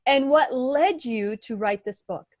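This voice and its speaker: A woman hosting her own radio talk show, speaking in an earnest, slow and emphatic way. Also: high voice, darkish tone, no room sound. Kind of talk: warm radio show chat.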